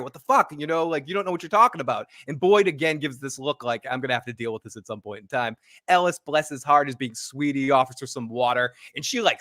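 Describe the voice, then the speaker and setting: Male co-host, rambling casual recap, slightly high voice, dry close sound, a bit breathless. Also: fairly bright tone, no room sound. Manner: rambling, acts out character quotes. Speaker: co-host giving episode recap.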